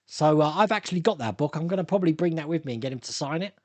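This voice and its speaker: A man's voice: a little high, lively intonation, rapid-fire, no room sound. A middle-aged man hosting a casual live stream, chatting, laughing often, and reading viewer comments aloud. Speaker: host.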